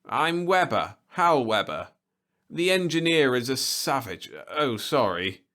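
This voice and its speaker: A frail, pampered young man from the city, speaking in a tired, plaintive drawl with a faintly haughty air, as a man reading the story voices him. His lines rise and fall in lively, uneven swings. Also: medium pitch, slow pace, pitched above the performer's own voice. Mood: weary, mild. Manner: listless, plaintive, mildly haughty.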